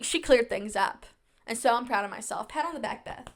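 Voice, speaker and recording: Animated and a bit bright, a podcast host in her twenties speaks at a moderate pace in a voice that sits high. Her casual chat covers personal stories, told with self-mockery and sarcasm.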